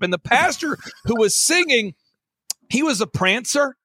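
A man hosting a talk show, telling stories with lots of energy, emphatic and swinging between loud exclamations and low mocking impressions. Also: sing-song, moderate pace, slightly rough, dry recording. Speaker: podcast host. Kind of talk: animated storytelling chat.

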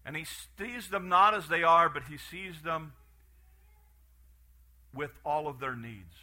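A man preaching a sermon, animated and storytelling, with frequent restarts and acted-out farm scenes. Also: fairly high pitch, slow.

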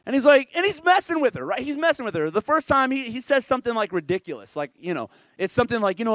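A man preaching, retelling a Bible story as a comic story, swinging between loud outbursts and hushed asides. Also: very high-pitched, sing-song, quick pace, few pauses, no room sound, studio quality. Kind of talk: comedic storytelling sermon.

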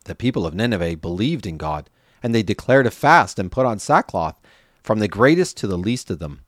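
A man reading scripture aloud in a measured, steady way. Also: fairly low pitch, dry recording, clean studio sound. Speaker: scripture reader.

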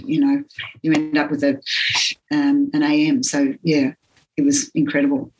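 An older Australian woman with an accent from home, reflecting on her teaching career in an earnest, halting way with many pauses. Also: low voice, level tone, dark tone, rough recording. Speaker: interviewee, physiotherapy teacher. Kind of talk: reflective interview talk.

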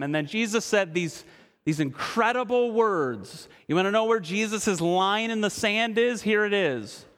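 A man preaching a sermon as pastor, earnest, asking his listeners direct questions and slowing to a hush for emphasis. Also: high-pitched, expressive, long reverb tail. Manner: slows and drops quiet for emphasis.

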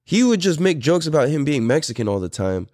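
A man's voice: fairly high pitch, sing-song, a little fast, a little mellow, no echo. Man in his thirties, podcast host, rambling casual storytelling, dry close sound. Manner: rambling, profane, many fillers like "like" and "dude".

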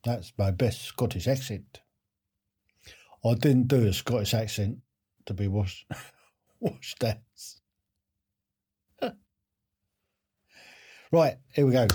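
A man's voice: mid-range voice, slow pace, pauses often, warm tone, breathy edge. A man hosting a live online quiz in a chatty, self-deprecating way, often chuckling.

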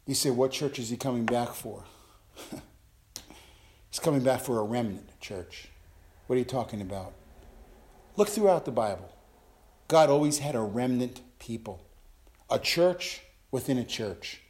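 An older man preaching an impassioned sermon as a pastor, dropping to low asides and rising to loud, high calls. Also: lively intonation, measured pace, pauses often.

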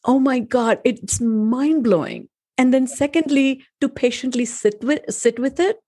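A woman's voice: high voice, measured pace, darkish tone. Casting note: a woman host in a casual interview, a storyteller who laughs often and uses lots of fillers. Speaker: podcast host.

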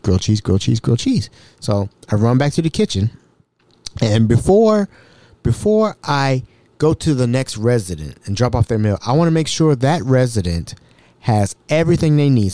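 Man, podcast host, animated storyteller, mellow voice, dry sound. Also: mid-range voice, no room sound. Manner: animated, repetitive, exasperated retelling. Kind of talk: casual storytelling.

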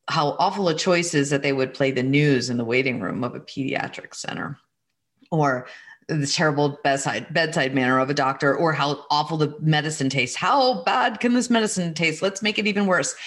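A middle-aged woman coach telling a personal story in an earnest, confiding way, speaking to her listeners as friends. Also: deep voice.

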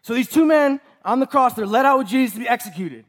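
A man's voice: very high-pitched, lively intonation, quick pace, a bit bright. A man preaching a sermon in an emphatic way, repeating key lines and tossing in rhetorical asides to the congregation. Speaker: pastor.

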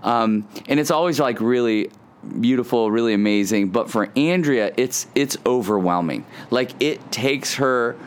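A man hosting a weekly devotional podcast, talking in a relaxed, conversational way with frequent fillers and restarts. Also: mid-range voice, a little slow, clear, resonant tone. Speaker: podcast host.

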